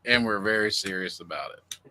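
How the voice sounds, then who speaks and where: A man's voice: fairly low pitch, animated, brisk, pushed and bright, a little hiss or hum. A man co-hosting a casual livestream chat, joking and rambling with a slight lisp and many restarts. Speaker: co-host.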